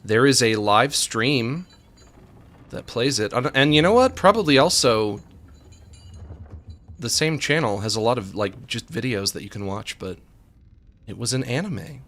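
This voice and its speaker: A man's voice: mid-range voice, animated, unhurried, long pauses, a bit bright. A man streaming a co-op game, joking and chatting casually with his partner as he plays. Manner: joking, talks to his co-op partner while playing. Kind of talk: casual let's-play chatter.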